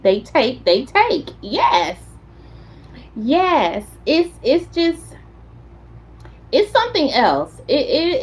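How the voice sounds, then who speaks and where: Woman host with a high voice, chatty and animated, casual stream talk, muffled lo-fi sound. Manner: chatty, animated storyteller, talks straight to viewers. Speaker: content creator host. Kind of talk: casual livestream chat.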